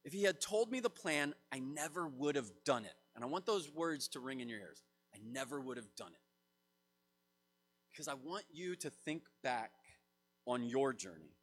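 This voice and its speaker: A man in his thirties preaching a sermon in a casual, animated way, acting out quoted voices. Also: on the high side, normal speed. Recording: long hall reverb.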